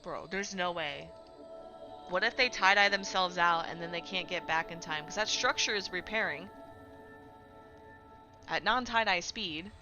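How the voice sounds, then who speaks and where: A woman streamer talks through a live game in a chatty, slangy, easily excited way. Her voice sits a little low for a woman. Clear background music runs under her commentary. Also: measured pace, pauses often, poor audio.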